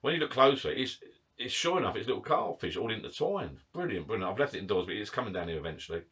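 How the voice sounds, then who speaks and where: A man's voice: lowish voice, very animated, quick pace, a bit bright, husky. A man chatting casually to camera in his garden shed bar, rambling, self-mocking and a little out of breath. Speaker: vlogger.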